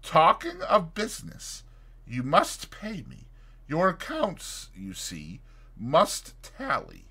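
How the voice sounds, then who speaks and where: A man's voice: fairly high pitch, huge pitch swings, takes it slowly, pushed and bright, slightly rough, pitched above the performer's own voice, heavily acted. A man doing McFarlane, a cold scheming doctor. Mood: menacing. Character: coarse sinister young male doctor McFarlane.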